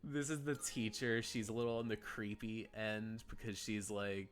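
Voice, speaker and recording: A man's voice: lowish voice, flat delivery, moderate pace, music in the background. A man streaming a game and chatting casually, rambling and gushing with frequent giggles. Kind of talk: casual gameplay commentary.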